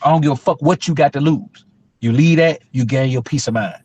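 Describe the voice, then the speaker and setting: A man's voice: a little high, a little fast, darkish tone, lo-fi sound, slight background noise, close to an everyday voice. A man voicing his old grandfather giving blunt, cursing advice to a young boy. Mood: stern advice.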